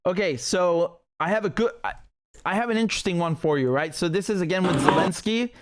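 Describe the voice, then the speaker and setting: Male political streamer, slightly high-pitched, heated and sarcastic, restarts often. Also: brisk, slight background noise. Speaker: host of a live political stream. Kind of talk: live-stream commentary.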